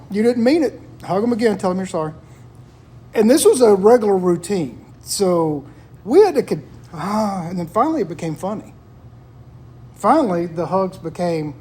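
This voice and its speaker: A man with a voice pitched high for a man talks through personal stories in a relaxed conversational chat. He sounds earnest and reflective as he shares them. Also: slight background noise. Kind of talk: casual chat.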